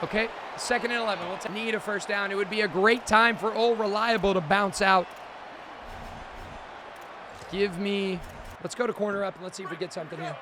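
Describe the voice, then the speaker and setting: A man streaming a video game, giving excited play-by-play commentary and exclaiming loudly at big moments. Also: high-pitched, a little fast, pauses often, background noise. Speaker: gaming streamer.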